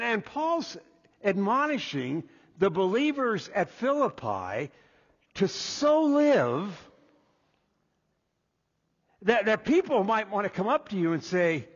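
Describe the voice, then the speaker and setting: A man preaching a sermon as pastor, deliberate and restarting his first words. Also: high voice, breathy edge. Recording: dull lo-fi echoey hall.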